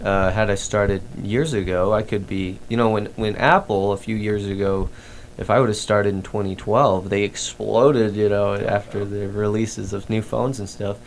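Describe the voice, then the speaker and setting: A man's voice: on the low side, steady tone, normal speed, slight background noise. A man hosting a podcast in casual chat, rambling with lots of fillers and restarts. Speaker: podcast host.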